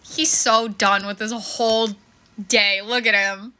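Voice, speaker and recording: A woman's voice: fairly high pitch, little pitch movement, takes it slowly. A woman giving casual reaction commentary, chatty and sarcastic, who swears and laughs often. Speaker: reaction video creator. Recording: noticeable background noise.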